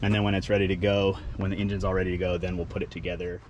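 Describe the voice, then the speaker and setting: Laid-back low-voiced man in a garage. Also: flat delivery, racing, heavy background noise. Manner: laid-back, rambling with fillers. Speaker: home mechanic vlogger. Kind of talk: casual vlog narration. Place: home garage, indoors and driveway.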